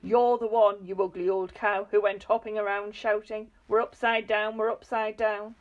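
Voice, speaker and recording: A woman voicing a nasty, spiteful old husband who yells insults in a storybook reading. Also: on the high side, very animated, normal speed, lo-fi sound. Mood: furious. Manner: yelling insults.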